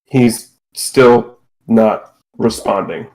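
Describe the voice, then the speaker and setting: A man acting as game master, explaining rules and narrating a tabletop game over a voice call with a relaxed, playful manner. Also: on the low side, extremely slow, poor audio.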